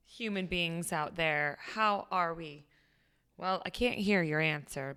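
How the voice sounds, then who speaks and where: Bubbly, bright-voiced woman podcast host. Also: on the low side, takes it slowly, smooth, dry recording, clean studio sound. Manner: bubbly, excitable, lots of pep and asides. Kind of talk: upbeat motivational podcast chat.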